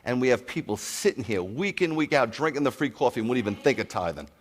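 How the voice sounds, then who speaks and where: A man preaching to his congregation, animated, telling stories and asking the crowd questions. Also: medium pitch, fast talker. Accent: New York. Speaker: pastor. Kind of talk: sermon to a congregation.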